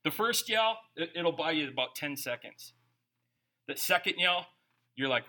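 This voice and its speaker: A man's voice: on the high side, animated, a little slow, bright, forceful tone. A man preaching a conversational sermon, reading scripture aloud and breaking into informal, jokey asides. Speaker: pastor.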